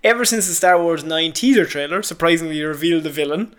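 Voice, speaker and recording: A man with a fairly high voice co-hosts a casual movie podcast. He banters freely and laughs often. Now and then he reads news headlines aloud before riffing on them. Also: fast talker, fairly bright tone. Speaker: podcast co-host. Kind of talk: casual film chat.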